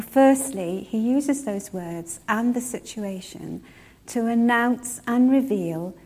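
A woman preaching a sermon, retelling a story in a measured way and slowing down to stress key words. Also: mid-range voice, dark tone, breathy edge.

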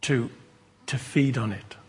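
A man preaching a sermon, halting and repeating words as he thinks aloud. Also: mid-range voice, slightly rough.

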